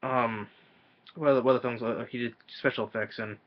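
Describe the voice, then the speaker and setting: A man giving a casual, rambling film review, halting often and restarting his sentences. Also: mid-range voice, steady tone. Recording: dull lo-fi audio.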